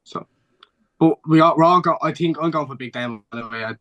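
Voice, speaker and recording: A man on a casual wrestling podcast, laying out opinions in a deliberate way. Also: a little high, fairly bright tone. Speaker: podcast co-host. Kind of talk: casual chat.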